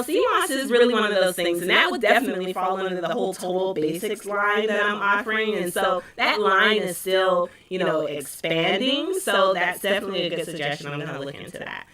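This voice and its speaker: A woman chats through a casual livestream Q&A with a bright, sharp tone, full of fillers, restarts and easy laughter. She sits back from her computer microphone, so she sounds a little distant, but the sound stays dry with no room echo. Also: medium pitch. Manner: chatty, laughs often, many fillers and restarts. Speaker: livestream host and spiritual shop owner. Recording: voice a bit far from the mic.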